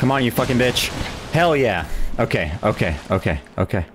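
A man's voice: lowish voice, very animated, normal speed, background noise. A man streaming a hard boss fight, muttering, swearing and venting frustration as he plays. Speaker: gaming streamer. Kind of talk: live gameplay commentary.

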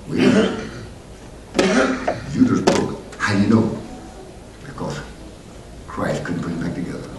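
A man preaching a sermon as pastor, swinging between loud exhortation and low, conversational asides. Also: slow pace, pauses often. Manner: animated preaching, rising to loud exhortation then dropping low. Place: church sanctuary. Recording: echoey church heard from a distance with noise.

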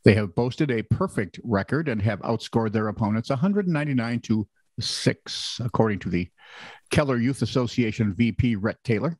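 A man's voice: mid-range voice, lively intonation, moderate pace, darkish tone, breathy edge, no echo. A man co-hosting a casual comedic news podcast, reading odd stories and adding sarcastic jokes. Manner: wry, sarcastic joking. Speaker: podcast co-host.

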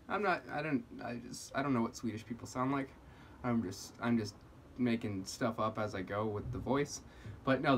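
A young man chatting into the camera for his vlog, telling an old work story. He rambles and leans on fillers at a mid-range pitch. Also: a little hiss or hum. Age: young adult. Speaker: vlogger.

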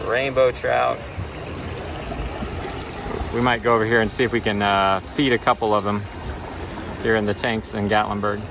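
A man's voice: fairly low pitch, steady tone, normal speed, vocal fry, pauses often, background noise. Upbeat middle-aged man vlogging outdoors. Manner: upbeat, coaching a child while fishing. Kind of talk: casual outdoor vlog narration. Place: outdoors by a river in cold weather. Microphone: handheld camera.

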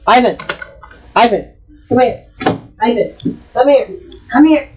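Woman gaming and chatting, slow unhurried speech, slightly high voice, yells at her cat, swears freely. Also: animated, slight background noise, poor audio. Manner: scolds her cat loudly, swears, laughs. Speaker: gamer. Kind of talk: casual chat while gaming.

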